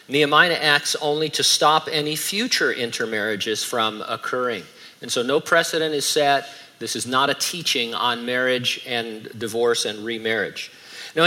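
Bright-voiced male pastor preaching. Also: medium pitch. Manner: conversational preaching with dry asides. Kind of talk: sermon.

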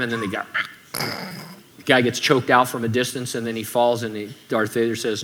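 A man's voice: mid-range voice, brisk, pushed and bright. A man preaching a sermon in a conversational way, with joking asides. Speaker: pastor.

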